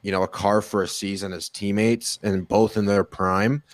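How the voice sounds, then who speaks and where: A man's voice: lowish voice, flat delivery, normal speed, no echo. Upbeat young man hosting a podcast. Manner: upbeat, joking banter. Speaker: podcast host. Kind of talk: casual chat.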